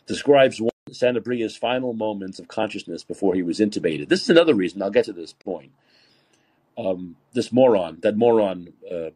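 A man's voice: lowish voice, a little mellow, husky. A man hosting a political talk show, giving angry, profane opinion commentary and reading from articles. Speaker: podcast host.

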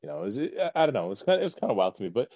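A man's voice: mid-range voice, sing-song, racing, a little mellow, dry recording, dull audio. A man co-hosting a casual podcast chat, rambling with many fillers and restarts. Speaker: podcast co-host.

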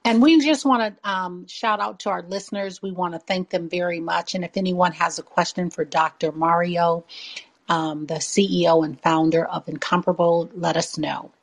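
A woman's voice: fairly low pitch, steady tone, normal speed, vocal fry. A woman hosting a podcast interview, asking questions and thanking listeners in a friendly way. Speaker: podcast host.

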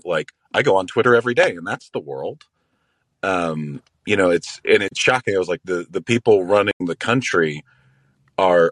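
A man calling in to a podcast, talking in a rambling, halting way with lots of fillers. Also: sits low, no echo. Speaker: caller. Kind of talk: casual chat.

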